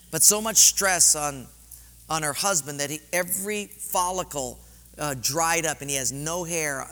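A man's voice: a little high, bright, forceful tone. Man, sermon, earnest storytelling, long hall echo. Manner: earnest, heartfelt storytelling preaching. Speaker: preacher. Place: church sanctuary.

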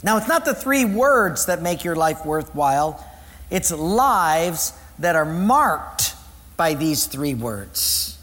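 A man preaching a sermon as pastor, reading scripture slowly and deliberately and joking with the congregation. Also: fairly high pitch, big pitch swings, fairly bright tone, long reverb tail. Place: church sanctuary.

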